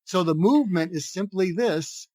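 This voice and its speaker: An older man tells stories as a guest on a podcast and acts out the voices of the people in them. His voice sits a little high for a man. The recording is dry and close, with no room sound. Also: moderate pace, no echo. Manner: animated anecdotes, acting out quoted dialogue. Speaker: guest, psychiatrist. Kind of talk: podcast interview storytelling.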